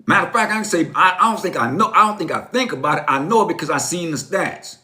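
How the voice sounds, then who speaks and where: A man speaks in a fairly high voice, delivering an impassioned live-stream monologue to his viewers. He is direct and preachy, addresses them as folks, and drives each point home by saying it twice. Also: lively intonation, fast talker, pushed and bright. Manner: emphatic and repetitive, repeats phrases for effect. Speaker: host of a live stream on narcissistic abuse.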